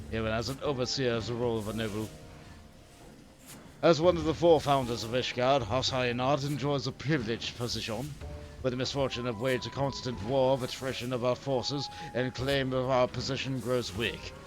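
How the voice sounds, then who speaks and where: A man's voice: mid-range voice, pitched below the performer's own voice, lightly acted. A man voicing a haughty older noble father who talks down to his son in a pompous, archaic way, reading game dialogue aloud. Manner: pompous, archaic, slow and heavy.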